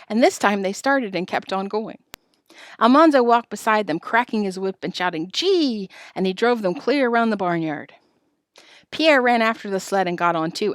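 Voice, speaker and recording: A woman's voice: mid-range voice, dry recording. Woman reading a story aloud, dry sound. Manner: expressive, dramatic narration. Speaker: storybook reader. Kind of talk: reading a children's novel aloud.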